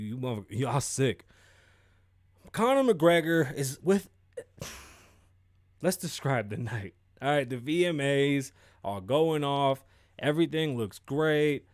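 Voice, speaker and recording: A young man hosting a podcast, giving animated, profane sports commentary and mocking people in put-on voices. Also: mid-range voice, slow, clear, resonant tone, no echo, studio quality. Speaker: podcast host. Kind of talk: casual commentary.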